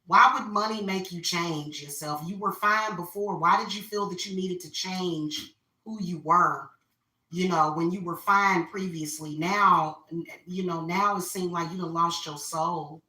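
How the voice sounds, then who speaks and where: A woman's voice: on the low side, fairly even intonation, a little slow, bright, forceful tone, far from the mic. A woman venting her opinions in a casual rant while she carves a pumpkin. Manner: opinionated, venting, repeats herself. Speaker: spiritual reader and vlogger. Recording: roomy echo, voice off-mic.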